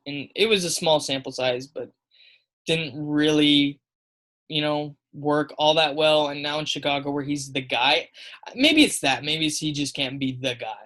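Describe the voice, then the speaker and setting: A man's voice: fairly high pitch, bright, forceful tone. A man co-hosting a casual sports podcast, talking in an easygoing way with frequent laughs and fillers. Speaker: podcast co-host.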